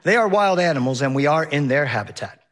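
A man's voice: fairly high pitch, expressive, quick pace, fairly bright tone. A man voicing a cheerful female whale-watching captain with chatty tour-guide patter.

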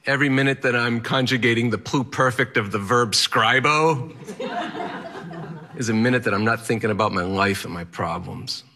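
A man's voice: medium pitch, normal speed, bright, forceful tone. A man telling a personal story to an audience in a vivid, dramatic way.

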